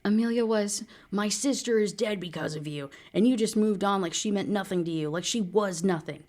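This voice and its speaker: A woman's voice: mid-range voice, moderate pace, a little mellow, natural voice. Desperate grieving young man, read out by a woman. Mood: accusing.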